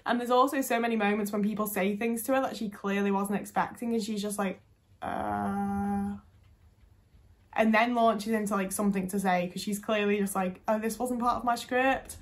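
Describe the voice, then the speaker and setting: A woman's voice: medium pitch, fairly even intonation, fast, hardly any pauses. Chatty young woman vlogging. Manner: chatty, swears, many fillers. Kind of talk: casual chat to camera.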